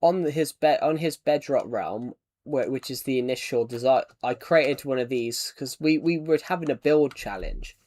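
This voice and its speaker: A man's voice: mid-range voice, normal speed, hardly any pauses, darkish tone, no echo. A man with an English accent chatting casually on a gaming live stream, often repeating and restarting his phrases while he answers chat.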